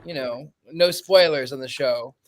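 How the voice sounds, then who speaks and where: A man's voice: medium pitch, a little slow. A man co-hosting a casual panel chat over a video call, a little flustered and rambling. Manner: flustered, rambling self-introduction. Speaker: co-host.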